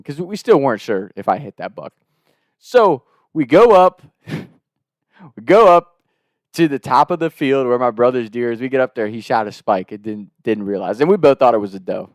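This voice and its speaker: A man's voice: medium pitch, very animated, fairly quick, no room sound, studio quality. Profane man telling a comic story. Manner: profane, rambling, laughing between lines.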